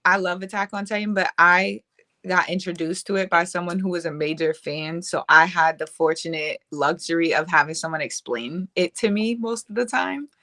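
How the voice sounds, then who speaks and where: A woman guest in a casual chat, slangy and animated, laughing often. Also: lowish voice, moderate pace.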